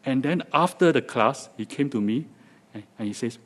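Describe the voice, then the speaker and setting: A man's voice: medium pitch, expressive, normal speed. A man with a Singaporean accent giving a joking, chatty talk to a live audience in a lecture hall, with many restarts. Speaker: guest speaker.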